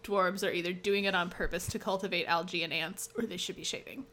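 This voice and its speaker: A woman's voice: lowish voice, fairly even intonation, brisk, pushed and bright, a little hiss or hum. A woman in her forties from Missouri chatting casually about tabletop games, thinking aloud and often restarting her sentences. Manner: thoughtful, trails off and restarts mid-sentence.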